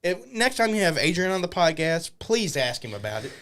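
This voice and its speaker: A man's voice: on the high side, big pitch swings, brisk, a bit bright. A man guest on a podcast, telling wrestling stories with lots of profanity. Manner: profane, acts out quoted voices. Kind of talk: animated storytelling. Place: podcast studio.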